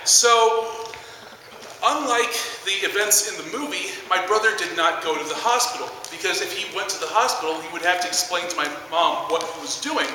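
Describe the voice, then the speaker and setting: A man's voice: high voice, normal speed, pushed and bright, heavy reverb, in a large hall, far from the mic, slight background noise, rough recording. A man in his twenties doing stand-up, rambling through a story with lots of fillers. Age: 20s. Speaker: stand-up comedian. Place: large theater stage.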